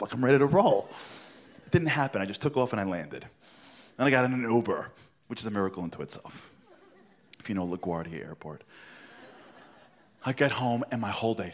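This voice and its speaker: With a slightly low voice and a fast, expressive delivery, a middle-aged man from Brooklyn, New York, works as a motivational speaker spinning an animated tale for an audience. He acts out all the dialogue theatrically, jumping from loud bursts to almost-whispers, and lowers to a hush at each punchline.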